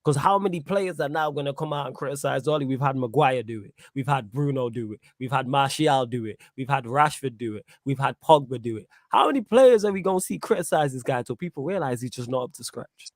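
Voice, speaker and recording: A man hosting a casual football chat, slangy and animated, laughing often. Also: mid-range voice, brisk, few pauses, no room sound, clean studio sound. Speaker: podcast host.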